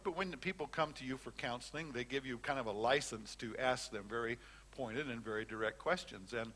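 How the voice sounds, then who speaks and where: A man's voice: medium pitch, fairly bright tone. An older man giving a conversational classroom lecture as a Bible teacher, often repeating and restarting phrases.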